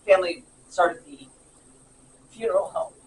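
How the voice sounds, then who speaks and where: A man's voice: sits high, fairly even intonation, unhurried, slight background noise, low-quality recording. A man casually filling in details about local history and the people behind the items.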